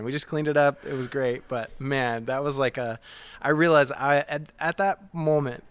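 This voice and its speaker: A man telling a story as a podcast guest, animated and laughing, swinging from hushed to loud. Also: medium pitch, smooth, dry recording. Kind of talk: casual storytelling.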